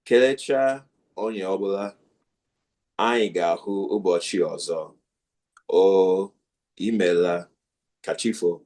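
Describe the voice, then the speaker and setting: A man, a language student, reading a passage aloud in class, halting and correcting himself as he goes. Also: low voice, a little mellow.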